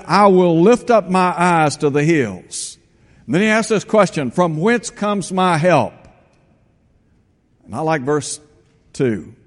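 A man preaching a sermon, reading scripture aloud and slowing down to stress the quoted verses. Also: fairly high pitch, in a large hall.

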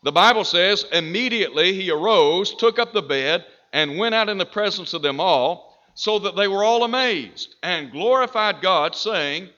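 A man preaching a sermon, slow and deliberate, with emphatic rises on key phrases. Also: a little high, bright, forceful tone. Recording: dull reverberant hall.

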